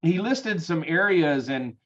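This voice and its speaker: A man leading a sales team meeting, energetic and chatty, with frequent ums, over a video call. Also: fairly high pitch, measured pace, dull audio. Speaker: real estate team leader.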